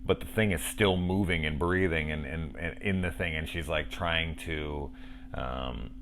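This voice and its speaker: A man's voice: very deep voice, measured pace, a bit bright, slight background noise. A man in his forties talking casually and enthusiastically about a movie, rambling, restarting and swearing as he goes. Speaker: film reviewer. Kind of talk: casual review monologue.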